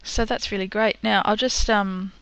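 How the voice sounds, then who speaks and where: A woman's voice: mid-range voice, fairly even intonation, moderate pace, fairly bright tone, clear, resonant tone, no echo, highs cut off. Patient woman explaining step by step. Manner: patient, step-by-step, with frequent ums. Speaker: teacher. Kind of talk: screen-recorded software tutorial.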